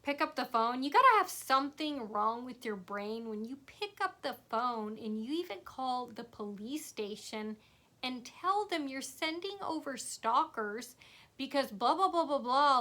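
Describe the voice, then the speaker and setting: A woman's voice: fairly high pitch, pushed and bright. A woman telling a rambling personal story to camera, sarcastic and full of fillers and asides. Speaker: vlogger.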